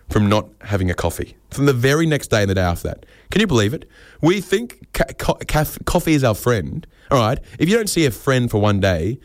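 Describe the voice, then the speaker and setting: Joking Australian man hosting radio. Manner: animated, jokey, voices other people with big pitch jumps. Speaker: radio show host. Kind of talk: comic monologue and studio banter.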